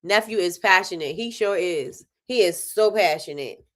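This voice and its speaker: A middle-aged woman hosting a casual chat, animated and laughing often as she talks straight to her viewers. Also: fairly low pitch, moderate pace. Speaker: host.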